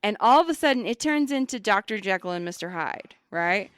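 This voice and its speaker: A woman co-hosting a podcast, telling workplace stories in a casual, animated way, swearing freely and acting out what people said. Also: medium pitch, brisk, no room sound. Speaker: podcast co-host. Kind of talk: casual storytelling chat.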